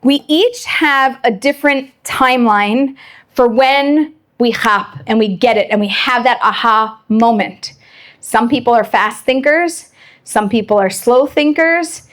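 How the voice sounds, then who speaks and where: High-voiced animated woman lecturing. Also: measured pace. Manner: animated, acts out quoted dialogue. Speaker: Torah lecturer. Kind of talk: lively lecture to an audience.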